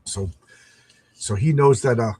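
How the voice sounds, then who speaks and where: A man's voice: medium pitch, a little slow, darkish tone, no room sound. A middle-aged man chatting casually as he reviews a comic book, rambling and reading panels aloud.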